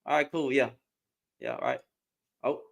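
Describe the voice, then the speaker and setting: A man giving heated reaction commentary as an online commentator, animated and profane, repeating himself and laughing often. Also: medium pitch, normal speed, gravelly. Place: in Dallas, Texas.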